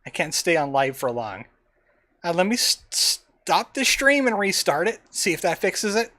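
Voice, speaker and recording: A man's voice: high-pitched, sing-song, measured pace, bright, forceful tone. A man streamer giving casual, rambling commentary while playing a game, chatting to himself and his viewers. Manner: rambling, chatty, self-talking.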